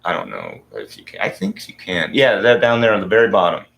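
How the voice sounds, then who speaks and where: A man's voice: low voice, wildly swooping pitch, a little fast, gravelly, fairly bright tone, slight background noise. Profane ranting man in his forties. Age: 40s. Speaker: podcast host. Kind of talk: casual rant.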